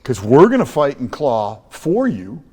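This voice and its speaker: A man's voice: medium pitch, huge pitch swings, measured pace, a little mellow, husky. Emphatic American man, reverby room. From Chicago. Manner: emphatic storyteller, frequent restarts and repeated words. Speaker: guest, school trust leader. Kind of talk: podcast interview.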